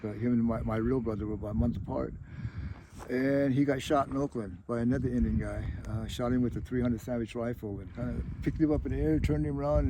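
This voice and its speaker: A man's voice: medium pitch, background noise. A middle-aged man talking through personal stories in a casual interview, rambling and dropping "you know" again and again. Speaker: tribal chair candidate.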